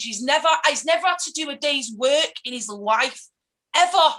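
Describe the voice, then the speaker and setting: A woman's voice: high-pitched, expressive, a bit bright, rough recording. A woman with a Mancunian accent, an activist guest talking politics with passion and mimicking people she criticises. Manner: passionate, ranting, quick to mimic others. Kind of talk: casual political interview.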